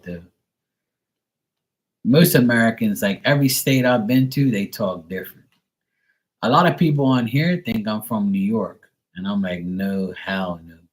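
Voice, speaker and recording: A man chatting casually on a live stream, loose and profane, often laughing as he talks. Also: on the low side. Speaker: live tarot reader and streamer.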